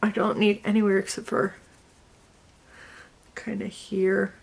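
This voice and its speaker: A woman's voice: medium pitch, level tone, measured pace, creaky, husky. A woman vlogging her makeup routine in casual, wry chat, full of filler likes and self-corrections. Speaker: beauty vlogger. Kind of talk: casual get-ready-with-me chat.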